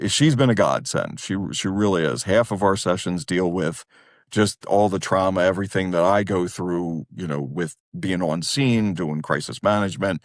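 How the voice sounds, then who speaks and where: A middle-aged man from Wilmington, speaking as a therapist guest and telling animated stories in casual chat. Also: low voice, no room sound, studio quality. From Wilmington, Delaware. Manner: animated, self-deprecating, jumps into quoted voices. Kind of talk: casual storytelling in a podcast interview.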